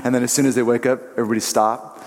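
A man pastor preaching a sermon in a church, animated and joking as he tells personal stories. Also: medium pitch, racing, in a large hall. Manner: animated, joking storyteller who slips into voices.

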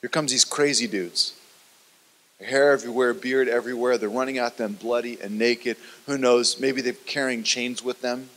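A man preaching a sermon as a pastor, telling the story dramatically and often dropping his voice low and quiet. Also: steady tone, normal speed. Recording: long reverb of a large hall.

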